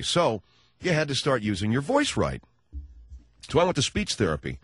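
A male talk-radio host riffing through a comedic monologue, sarcastic and rambling. His voice swoops widely in pitch. The sound is close and dry, straight into a studio mic. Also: huge pitch swings, normal speed, long pauses, a bit bright, breathy edge, dry recording.

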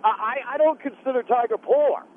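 A man's voice: very high-pitched, normal speed. A man calling a radio talk show, arguing back and laughing things off. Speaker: caller. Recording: narrow phone line with faint hiss.

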